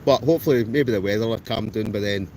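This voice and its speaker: A man's voice: lowish voice, fast, darkish tone, rough recording. A Scottish man chatting on a live stream from inside a tent, greeting viewers by name in a cheerful, good-humoured way. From Scotland. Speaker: wild camper live-streaming. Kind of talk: casual live-stream chat reading viewer comments. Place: inside a tent outdoors in a storm. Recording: roaring storm wind, garbled robotic-sounding audio. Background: howling gale buffeting the tent.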